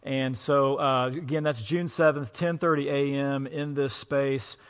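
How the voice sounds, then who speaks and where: A man's voice: medium pitch, steady tone, a little slow, clean tone. A man pastor co-preaching an online sermon in an empty church, easygoing and joking, with fillers. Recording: long reverb of an empty hall.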